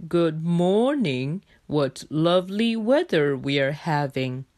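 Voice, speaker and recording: A woman voicing a little male bear in a storybook reading, quiet and gentle, speaking slowly and plainly. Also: sits low, animated, pitched below the performer's own voice. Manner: slow, quiet, plain speech.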